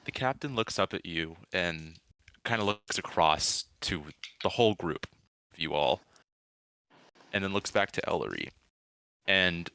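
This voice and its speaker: A man narrating a tabletop role-playing game as game master, slow and descriptive. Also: low voice, expressive, bright, forceful tone, smooth, no room sound.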